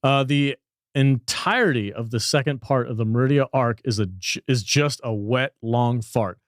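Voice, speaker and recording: A man's voice: mid-range voice, moderate pace, no room sound. A man co-hosting a podcast, chatty and enthusiastic, with casual swearing, on a close mic. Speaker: podcast co-host.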